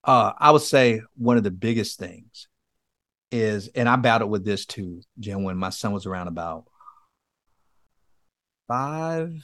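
A man's voice: lowish voice, lively intonation, measured pace, pauses often, fairly bright tone, no echo, clean studio sound. A man speaking as a guest, earnestly telling a personal story and acting out his own pleas. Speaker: podcast guest, men's coach. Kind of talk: conversational testimony.

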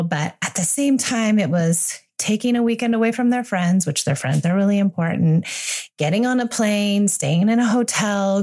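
A woman's voice: medium pitch, darkish tone. A woman in her forties hosting a parenting podcast, talking candidly and reassuringly about her own mistakes as a parent. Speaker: parenting coach and podcast host. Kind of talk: solo podcast monologue.

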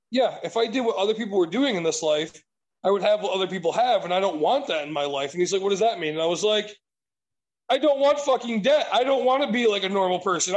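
A man's voice: high-pitched, low-quality recording. A man telling an exasperated, profanity-laced story in casual chat.

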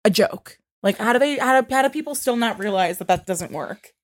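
A woman's voice: mid-range voice, animated, a little fast, no room sound, clean studio sound. A woman co-hosting a podcast in casual chat, blunt and joking, swearing often. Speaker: podcast co-host.

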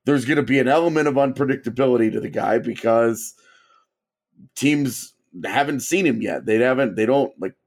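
A hoarse man co-hosting a podcast, giving thoughtful, hedging sports analysis in casual talk. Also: medium pitch, moderate pace, a little mellow. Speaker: podcast co-host.

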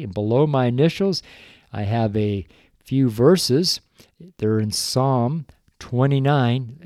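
A man with a mellow, warm voice gives informal Bible teaching on his show. He talks slowly and with emphasis, and breaks in with conversational asides. The sound is dry and close. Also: medium pitch, no echo.

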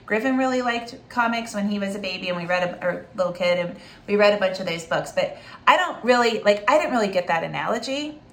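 A woman's voice: mid-range voice, fast, hardly any pauses. A woman, a special education advocate, telling a story in a casual monologue, chatty and full of fillers and restarts, acting out the voices she quotes. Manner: lively, acts out quoted speech.

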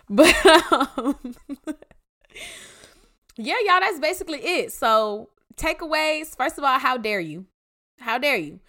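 A woman's voice: sits high, expressive, slow, long pauses, bright, forceful tone. A woman from Georgia with a Southern accent hosting a devotional podcast, exhorting her listeners in emphatic, slangy casual talk. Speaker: podcast host.

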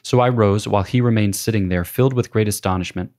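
A priest reads a spiritual classic aloud, his voice sitting a little low. His delivery is measured and solemn, like a scripted reading. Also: darkish tone.

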